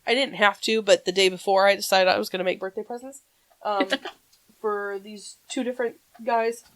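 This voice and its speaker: A woman co-hosting a podcast in casual chat, talking in a rambling way with frequent pauses. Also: medium pitch, fairly even intonation, a bit bright, dry recording. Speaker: podcast co-host.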